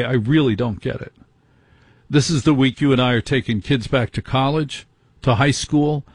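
Husky middle-aged guy doing a talk radio rant, dry sound, keeps asking how can this happen. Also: mid-range voice, no echo. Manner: ranting, indignant rhetorical questions. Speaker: radio talk show host.

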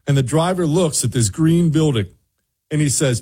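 Husky joking male radio host. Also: on the high side, normal speed. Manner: lively, joking storyteller who mimics other people's voices. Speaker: morning radio show host. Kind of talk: casual on-air storytelling to a co-host.

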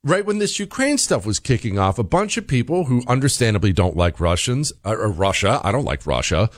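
A man hosting a radio talk show, delivering an emphatic political commentary monologue and slowing down to stress his points. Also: on the low side, no room sound, clean studio sound. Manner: animated, emphatic, slows down for emphasis.

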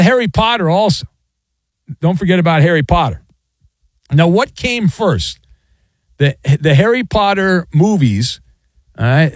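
A man's voice: a little high, a little mellow, no room sound. Joking male radio host, dry studio sound. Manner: rambling, joking, reads listener messages aloud. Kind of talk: casual sports radio talk. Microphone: studio microphone.

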